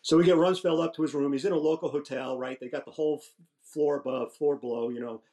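Talking fast in a fairly high voice, a sixty-something retired general on as a guest rattles off casual, animated stories, swearing mildly and restarting sentences.

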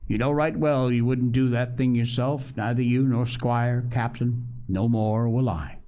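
A man's voice: mid-range voice, steady tone, a little slow, mellow, lightly acted. A man voicing an honest, frightened young cabin boy who speaks in an earnest, pleading way.

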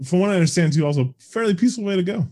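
A man's voice: high voice, expressive, very fast, darkish tone. A man co-hosting a casual podcast, making dry, teasing remarks. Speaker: podcast co-host.

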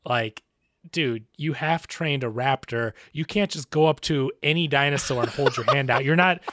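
A man co-hosting a podcast, chatting casually, animated and quick to laugh as he rambles. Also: mid-range voice, no room sound, studio quality. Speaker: podcast co-host. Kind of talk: casual chat.

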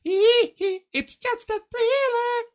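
A squealing falsetto pop-star dog. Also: male voice, extremely slow, exaggerated voice. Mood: showy.

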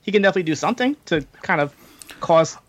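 A man joining as guest, chatting casually and quickly. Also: sits high, expressive, a bit bright. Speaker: guest co-host. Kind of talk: casual chat.

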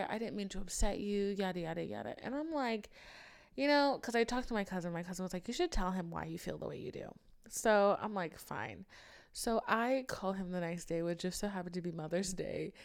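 Animated young woman telling a story. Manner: animated, swings pitch and loudness, swears freely. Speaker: podcast host. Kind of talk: candid storytelling chat.

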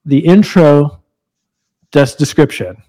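A man's voice: a little high, slow pace, mellow. A man hosting a casual podcast, laughing often and repeating himself as he talks. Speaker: podcast host. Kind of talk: casual chat.

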